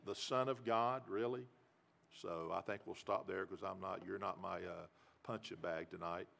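A man's voice: deep voice, fairly even intonation, normal speed, gravelly, a bit bright. A middle-aged man preaching a sermon, folksy and given to repeating himself. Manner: folksy storytelling, repeats words. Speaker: pastor. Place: church.

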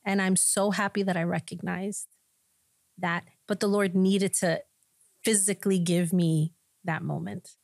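Lowish-voiced woman pastor telling her story. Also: measured pace, gravelly, no room sound, clean studio sound. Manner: animated storytelling, acting out quoted voices. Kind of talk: personal testimony in podcast conversation.

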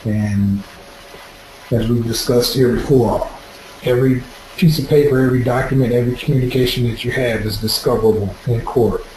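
A man's voice: mid-range voice, normal speed, darkish tone, echoey room, a little hiss or hum, poor audio. A man giving practical, explanatory advice as the presenter of an instructional webinar.

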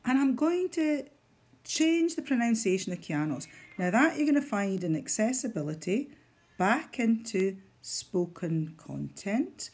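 A woman's voice: fairly high pitch, very animated, a little slow, a little mellow, breathy edge. A woman, a teacher walking learners through a device step by step with patient guidance. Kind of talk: instructional screen demonstration.

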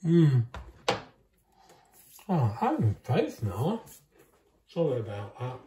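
A man's voice: medium pitch, big pitch swings, slow pace, noisy background. A man chatting casually in his home cooking vlog, talking to himself as he tastes a cake. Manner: chatty, self-talking, talks with mouth full.

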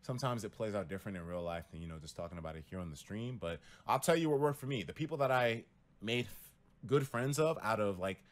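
A young man talking casually to his viewers on a livestream, telling stories and acting out quotes with loud jumps in pitch and lots of cursing. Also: quick pace. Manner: animated storytelling, acts out quotes with big pitch jumps and cursing. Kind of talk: casual stream talk to viewers.

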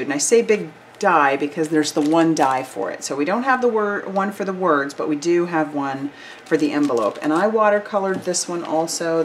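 A woman with a low, deep-set voice talks through new crafting products in an upbeat, gushing vlog style. She chats casually and freely. A faint hum sits underneath the recording. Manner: bubbly, enthusiastic, chatty with fillers. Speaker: card-making channel host.

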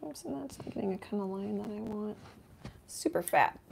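A woman's voice: medium pitch, expressive, normal speed, vocal fry, darkish tone, a little hiss or hum. A middle-aged woman hosting a live painting demo from her home studio, chatting casually and thinking aloud as she works, often trailing off mid-sentence. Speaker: art teacher and channel host. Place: home art studio, indoors.

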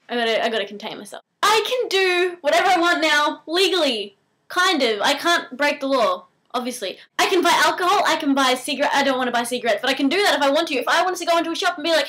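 An eighteen-year-old woman with an Australian accent, chatting excitedly to her vlog camera, giggly and bubbly. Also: high voice, quick pace. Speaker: vlogger. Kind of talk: casual chat to camera.

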